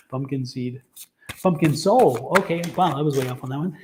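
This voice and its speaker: A man's voice: mid-range voice, moderate pace, background noise. A man doing a livestream tarot reading, talking enthusiastically in a rambling way and laughing often. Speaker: tarot reader.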